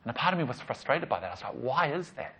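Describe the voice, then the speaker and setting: Man preaching a casual, animated sermon. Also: medium pitch, very fast, breathy edge. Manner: animated storytelling with casual asides. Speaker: pastor. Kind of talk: conversational sermon. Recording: slightly dull lo-fi recording.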